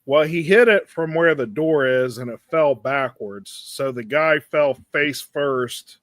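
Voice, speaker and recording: A man's voice: a little high, slow pace, a bit bright, dry recording. A man co-hosting a podcast, telling a long, rambling, crude anecdote in casual chat. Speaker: podcast co-host.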